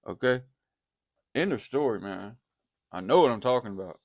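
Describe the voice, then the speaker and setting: Animated preacher man, dry sound. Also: on the low side, moderate pace, vocal fry, no room sound, lo-fi sound. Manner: animated, repeats himself, talks straight to viewers. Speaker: online preacher. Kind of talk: casual monologue to viewers.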